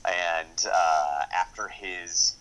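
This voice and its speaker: Deep-voiced, bright-toned chatty filmmaker man. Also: steady tone, drawn-out words, clear, resonant tone, rough recording. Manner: rambling, many fillers and restarts; enthusiastic. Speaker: screenwriter and director. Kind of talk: casual interview.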